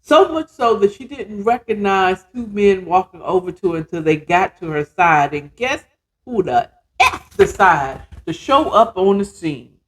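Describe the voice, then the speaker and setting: A woman's voice: mid-range voice, animated, measured pace. A woman hosting a casual storytelling podcast, chatty and digressive with lots of asides.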